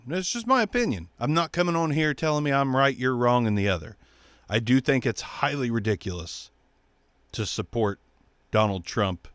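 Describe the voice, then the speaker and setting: A show host delivers a blunt, profane political rant on his own program, swearing heavily and mocking others with squeaky impressions. His voice is a bit bright, and there is no room sound.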